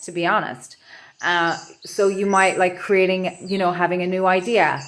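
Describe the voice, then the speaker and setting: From her home office, a tarot reader gives an intuitive reading to camera. She speaks in a soft, meandering, reflective way with a lowish voice.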